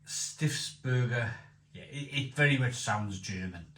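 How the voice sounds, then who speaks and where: A man's voice: medium pitch, animated, measured pace, a bit bright. A man reviewing a beer in casual chat, enthusiastic, repeating himself and rambling. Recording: echoey room with faint noise.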